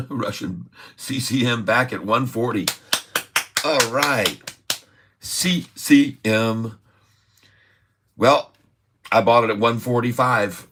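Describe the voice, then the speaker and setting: A man's voice: mid-range voice, takes it slowly, pauses often, fairly bright tone, slight background noise. A middle-aged man hosting a day-trading livestream, talking in a chatty, jokey way, often laughing and repeating himself. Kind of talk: casual livestream chat.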